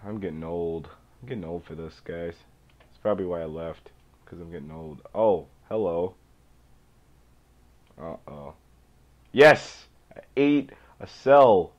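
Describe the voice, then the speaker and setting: A young man giving excitable, jumpy let's play commentary as a gaming YouTuber. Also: low voice, measured pace, pauses often. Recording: dull lo-fi home mic.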